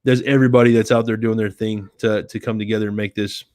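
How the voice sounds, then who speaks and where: A man's voice: fairly low pitch, flat delivery, fast talker, dry recording. A man hosting a casual live stream from a home studio, chatting loosely and talking to his cat now and then into a desk microphone. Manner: rambling, chatty, talks to his cat in a soft baby voice. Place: home studio with softbox light. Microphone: desk microphone on a stand.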